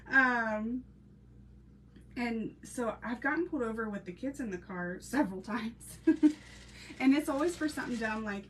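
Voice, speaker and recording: A woman's voice: fairly high pitch, measured pace, a bit bright. A woman from Ohio hosting a casual live crafting stream, chatty and laughing often as she talks to her viewers. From Ohio, USA. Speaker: crafting channel host. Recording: slightly distant mic with faint background noise.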